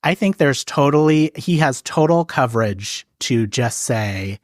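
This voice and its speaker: A man who is a podcast guest gives his take in a relaxed, wry way, thinking out loud before he lands a joke. His voice sits at a middling pitch, and the room sounds dry and close. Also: unhurried, no room sound. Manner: thoughtful, wry, gives opinions. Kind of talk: casual chat.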